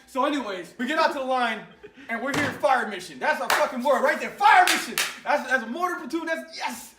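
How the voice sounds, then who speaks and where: A man, an Army veteran, telling an animated, profane war story in casual conversation in a garage. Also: very high voice, fast, reverberant, distant mic, background noise.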